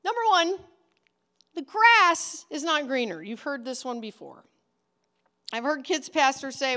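Earnest high-voiced woman teaching. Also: expressive, measured pace, fairly bright tone. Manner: earnest, emphatic, conversational. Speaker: ministry trainer for children's pastors. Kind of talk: teaching talk.

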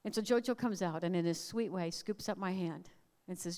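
A woman's voice: medium pitch, normal speed, a little mellow. A middle-aged woman giving a conversational, storytelling sermon. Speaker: speaker. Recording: reverberant hall.

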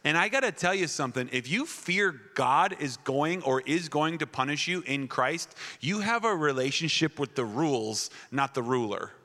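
Playful preacher from Wisconsin, bright, a bit high, reverb of a church hall. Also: male voice, animated, moderate pace, hardly any pauses. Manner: playful, shifting from jokes to earnest preaching. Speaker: pastor. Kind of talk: comedic sermon storytelling. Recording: echoey hall.

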